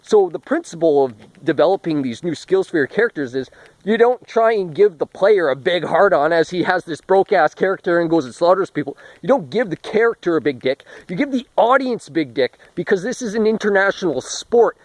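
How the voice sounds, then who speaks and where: A man's voice: high voice, lively intonation, a little fast, dry recording, rough recording. A man ranting with profanity and contempt, a little out of breath. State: a bit out of breath. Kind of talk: ranting monologue to camera.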